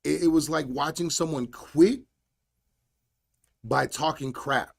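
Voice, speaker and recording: A man hosting a solo podcast, telling a coaching story in a blunt, animated, slangy way. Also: on the high side, takes it slowly, vocal fry. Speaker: podcast host and fight coach.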